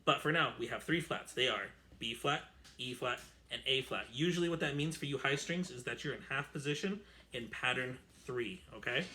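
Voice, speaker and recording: Filming from home on a camera mic, a man teaches a string orchestra lesson at a moderate pace, his medium-pitched voice pushed and bright. He counts out and sings rhythms and talks casually with plenty of fillers.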